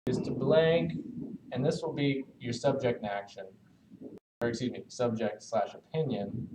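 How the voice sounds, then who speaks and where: A man teaching essay structure, talking while he writes on a board and pausing to correct himself. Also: medium pitch, distant mic, noisy background. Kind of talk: recorded writing lesson.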